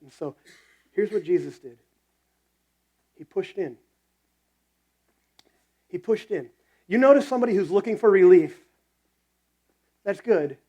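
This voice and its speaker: A man's voice: a little high, dark tone, rough recording. A man preaching a sermon as pastor, talking conversationally and telling stories with quoted voices.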